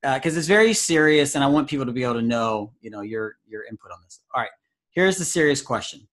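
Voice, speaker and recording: A man's voice: medium pitch, expressive, fast talker, a bit bright. A playful man hosts a children's ministry meeting over a video call. He talks in a loose, goofy way and reacts to things with easy amazement. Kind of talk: casual video call with kids.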